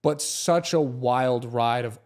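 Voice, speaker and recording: A young man, a stand-up comedian, telling casual, animated stories and swearing freely. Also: mid-range voice, slow pace. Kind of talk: casual storytelling.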